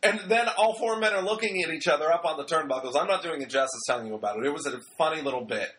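A man's voice: a little high, very fast, a bit bright. A young man casually recapping a wrestling show, rambling and joking and acting out bits of dialogue. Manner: chatty, rambling, joking, acts out quotes.

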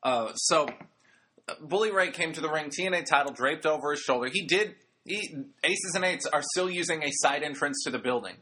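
Bright-voiced man recapping wrestling casually. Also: a little high, moderate pace. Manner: rambling, jokey asides. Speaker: wrestling podcast host.

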